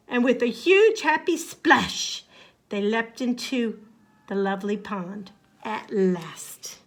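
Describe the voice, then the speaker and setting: A woman reading a picture book aloud to young children, expressive and sing-song, then talking through the pictures. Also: fairly high pitch, slow pace. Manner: expressive, sing-song, shifting into character voices. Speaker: storybook reader.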